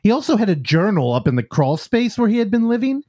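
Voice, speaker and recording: A man's voice: high voice, very animated, fast talker, mellow. A man co-hosting a podcast, recapping a show in a casual, profane way and acting out the characters' lines. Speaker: podcast co-host.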